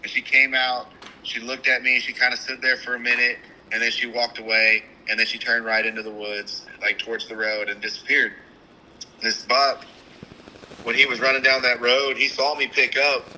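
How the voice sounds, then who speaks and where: A man, co-hosting a hunting show, telling an animated story with acted-out quotes and sounds. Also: medium pitch, slight background noise, low-quality recording. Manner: animated, acts out the scene with quoted lines and sound imitations. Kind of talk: casual storytelling chat.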